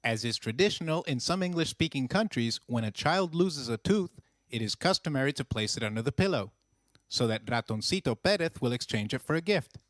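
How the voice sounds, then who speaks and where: A man narrating a scripted language lesson in an even teaching voice, slowing down to model phrases. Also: medium pitch, dry recording, studio quality.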